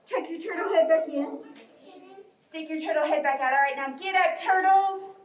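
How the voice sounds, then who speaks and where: High-voiced woman leading kids' yoga. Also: moderate pace. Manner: cheerful, coaxing instructions. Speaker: children's yoga storyteller. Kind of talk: live kids' yoga story class. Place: library program room. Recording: echoey room, from far off.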